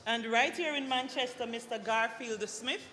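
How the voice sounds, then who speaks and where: High-voiced woman hosting an awards dinner. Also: normal speed, heavy background noise. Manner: lively, joking, apologizes for slips. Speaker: awards ceremony host. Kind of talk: announcing award recipients. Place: banquet hall at an awards dinner. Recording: long hall reverb with loud music.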